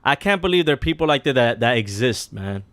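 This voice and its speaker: A man's voice: mid-range voice, animated, brisk, fairly bright tone, no echo. A man chats casually as co-host, earnest and given to stammering restarts. His voice sits in the middle, dry and close. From New York. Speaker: podcast co-host. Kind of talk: casual chat.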